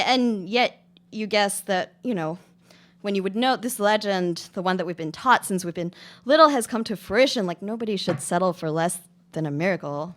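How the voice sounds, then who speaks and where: A woman's voice: medium pitch, moderate pace. A woman reading her experimental prose aloud to a live audience in a casual, filler-heavy way, with lots of "like" and "um". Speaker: author giving a public reading.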